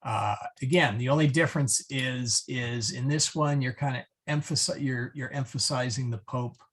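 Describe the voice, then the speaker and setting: A man teaching a Latin class online, explaining translations haltingly with many ums and chuckling at his own slips. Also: mid-range voice, fairly bright tone.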